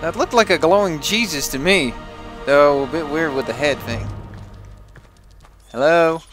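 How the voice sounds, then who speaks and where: A man's voice: on the high side, measured pace, music in the background. A young man with a Dutch accent, chatting casually and thinking aloud as he plays a video game. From Netherlands. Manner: chatty, thinks aloud with restarts and self-talk. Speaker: let's play gamer.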